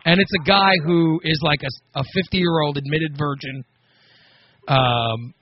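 A man's voice: fairly high pitch, steady tone, a little slow, no room sound, dull audio. A man on a podcast telling a story in a casual chat, acting out the quoted lines and laughing as he goes. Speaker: podcast co-host.

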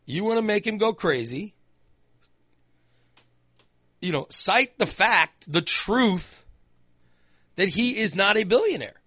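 A talk show host fires off opinions in a sarcastic, exasperated rant, his forceful, bright voice sitting somewhat high for a man and slightly rough. He's very animated yet keeps a measured pace, pausing often. The sound is dry and close on a studio mic, with no room sound.

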